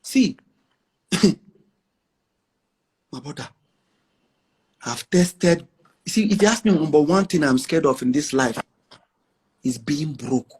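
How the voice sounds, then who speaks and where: A man's voice: on the high side, slow, long pauses, darkish tone, husky. A middle-aged Nigerian man with a Nigerian accent, talking casually as an interview guest, boastful and emphatic, mixing in pidgin. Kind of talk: casual chat.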